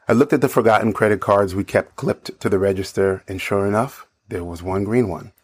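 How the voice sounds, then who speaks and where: A man narrating a personal anecdote from his bar job in a measured, dry way. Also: lowish voice, breathy edge, no room sound. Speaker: storyteller.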